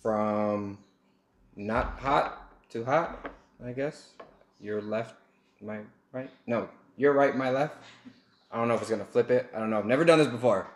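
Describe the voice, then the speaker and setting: A man's voice: mid-range voice, a little slow, pauses often. A young man from Texas, telling a rambling, joking story while doing a food challenge at home. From El Paso, Texas. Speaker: vlogger. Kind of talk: casual story-time chat. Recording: echoey room, faint noise.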